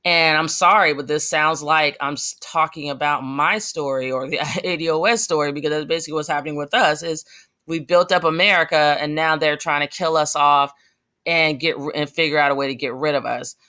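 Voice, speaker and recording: Bright-voiced woman in a rambling vlog. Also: low voice, steady tone, a little fast. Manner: passionate, rambling with many fillers and restarts. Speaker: vlogger. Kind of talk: casual commentary vlog.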